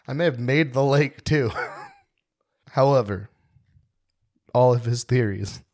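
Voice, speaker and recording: A young man co-hosts a podcast in loose, casual chat, cracking jokes and laughing easily. His voice sits at an ordinary middle pitch for a man. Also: expressive, slow pace, darkish tone. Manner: joking, laughs often. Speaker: podcast co-host.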